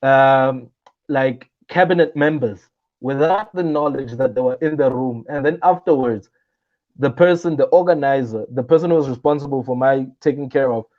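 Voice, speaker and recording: A man's voice: medium pitch, moderate pace, dull audio. A young South African man, a comedian guest in an interview, telling stories animatedly and acting out the voices of the people in them. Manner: animated, acts out quoted voices. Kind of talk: casual interview storytelling.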